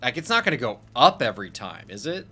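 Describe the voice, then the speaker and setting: Bright, excitable gamer man. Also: mid-range voice, quick pace, slightly rough. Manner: excitable, swears, thinks aloud. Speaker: gaming channel host. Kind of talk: casual let's-play commentary.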